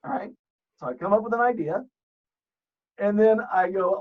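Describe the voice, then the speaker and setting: A man with a smooth, deep, announcer-style voice, chatting as a podcast guest and swearing freely through his stories. His pitch swings widely as he acts out exchanges. The recording sounds dull and lo-fi. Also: expressive, moderate pace, long pauses. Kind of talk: casual podcast chat.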